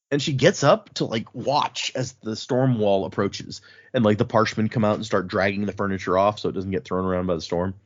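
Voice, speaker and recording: A man with a low, husky voice chats casually as a podcast co-host, animatedly retelling chapters and chuckling along the way. The audio is slightly dull and lo-fi. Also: fairly even intonation, fairly quick. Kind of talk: casual book-club podcast chat.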